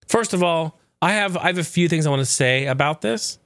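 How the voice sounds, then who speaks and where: A man's voice: medium pitch, expressive, fast, hardly any pauses, dry recording, clean studio sound. A man in his thirties or forties ranting sarcastically, swearing a lot and acting out other people's quotes. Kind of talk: profane ranting commentary.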